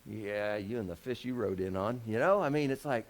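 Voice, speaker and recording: A man's voice: fairly high pitch, expressive, a little fast, few pauses. A man preaching a conversational sermon as a pastor, folksy and joking, with lots of rhetorical questions.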